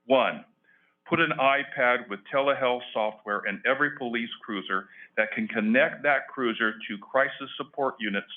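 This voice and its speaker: A retired older man giving an earnest prepared public comment at a county board meeting, reading with emphatic pauses. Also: medium pitch. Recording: phone-like lo-fi meeting audio.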